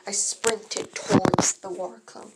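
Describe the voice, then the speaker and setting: A woman's voice: mid-range voice, steady tone, takes it slowly, very noisy. A woman casually reading her own first-person fan story aloud. She often stumbles and corrects herself mid-sentence.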